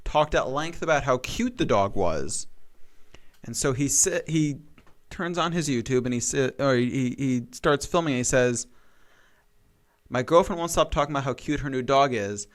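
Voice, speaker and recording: A young man co-hosting a casual radio talk show, rambling through opinions and retelling stories with animated quoted voices. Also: mid-range voice, normal speed. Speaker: co-host bringing topics.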